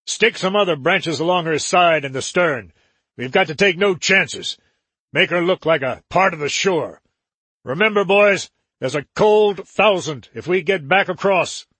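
A man's voice: sits high, unhurried, pushed and bright, breathy edge, no room sound, pitched above the performer's own voice, exaggerated voice. A man voicing a ruthless male smuggler boss who snaps out threats and orders in a story reading. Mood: savage. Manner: savage, barking orders.

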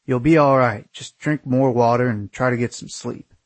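A stingy, stubborn young traveler, as a man reads him in a storybook narration, brushing off complaints in a matter-of-fact tone. The voice is a little husky and dry, close to the narrator's own. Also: mid-range voice, moderate pace, no room sound, close to an everyday voice. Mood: dismissive.

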